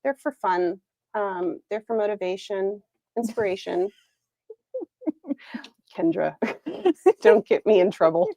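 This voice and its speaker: A woman's voice: medium pitch, takes it slowly, long pauses, mellow, no echo. A woman hosting a casual livestream product reveal, chatty and upbeat, laughing often. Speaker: planner shop owner hosting a livestream. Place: Arizona.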